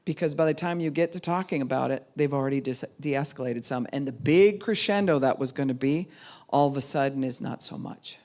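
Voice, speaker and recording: A woman's voice: extremely low pitch, brisk, darkish tone. A middle-aged woman pastor giving a conversational sermon, acting out the people she quotes. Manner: conversational, acts out quoted voices. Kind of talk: sermon teaching.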